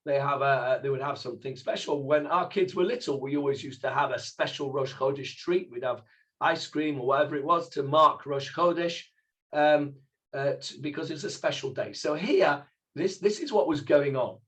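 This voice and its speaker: A man's voice: fairly high pitch, moderate pace, fairly bright tone. A middle-aged man, a rabbi teaching an informal Bible class, who explains Hebrew words step by step and asks the class questions. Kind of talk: informal text study class.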